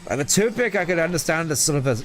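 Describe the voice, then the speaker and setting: A man's voice: on the high side, lively intonation, fast, fairly bright tone, soft background music, pitched above the performer's own voice. A man voicing Tails, a clever young male fox sidekick, with a Scottish accent, bickering like a know-it-all. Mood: smug.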